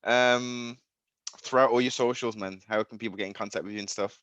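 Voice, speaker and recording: A man's voice: medium pitch, steady tone, a little fast, a bit bright, smooth, no echo. A man hosting a casual interview, giving short replies and asking the guest questions. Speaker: host.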